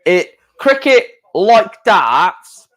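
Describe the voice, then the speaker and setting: Stream host, young man, rambling casual chat, voice a touch high. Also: very animated, extremely slow, fairly bright tone. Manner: rambling, chatty, self-correcting.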